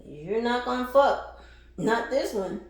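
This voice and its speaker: Woman spiritual reader: slow, blunt and profane, laughs often, recorded in a very echoey room. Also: on the high side, animated. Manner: emphatic, repeats phrases for effect. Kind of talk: casual spiritual reading to camera.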